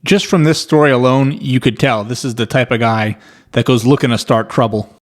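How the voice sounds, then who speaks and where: A man's voice: medium pitch, moderate pace. Skeptical man giving reaction commentary. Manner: skeptical, argues with long hypothetical scenarios.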